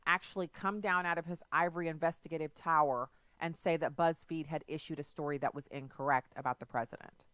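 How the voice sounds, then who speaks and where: A woman's voice: low-pitched, fairly even intonation, brisk, few pauses, fairly bright tone, no echo. A woman hosting a political talk radio show, retelling news stories in a conversational way with asides.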